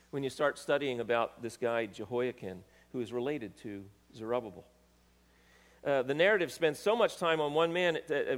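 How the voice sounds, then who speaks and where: A man with a somewhat high voice preaches a sermon, reading scripture aloud with rising emphasis. He stops to correct himself now and then. His voice carries a long reverb from a large hall.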